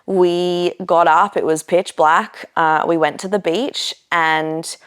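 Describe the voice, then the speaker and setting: A woman's voice: fairly low pitch, steady tone, slow pace, smooth. A woman podcast host casually telling a personal story, chatty, with lots of "like" and "you know" and the odd swear.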